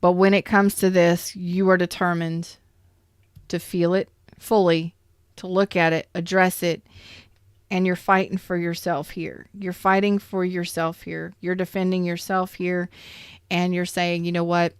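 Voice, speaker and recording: A woman reads tarot for her viewers in a smooth, resonant voice that sits fairly low. She talks earnestly and with feeling, circling back over the same phrases. The sound is dry and close. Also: level tone, measured pace, no room sound. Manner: earnest, repetitive, emotional, addresses viewers directly. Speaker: tarot reader. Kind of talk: tarot reading to camera.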